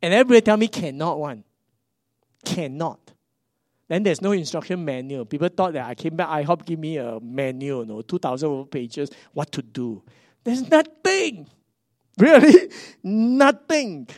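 A middle-aged man with a Singaporean English accent preaches a sermon. His voice sits somewhat high, and it is recorded dry, with no room sound. He swings between hushed asides and emphatic bursts. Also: a little fast, no room sound. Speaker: pastor.

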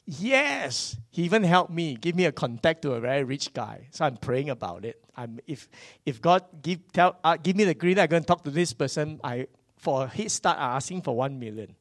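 Pastor guy in his fifties, kinda high voice, dry sound, loud then whispery. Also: a little fast, dry recording. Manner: animated, swings from loud bursts to hushed asides. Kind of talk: sermon.

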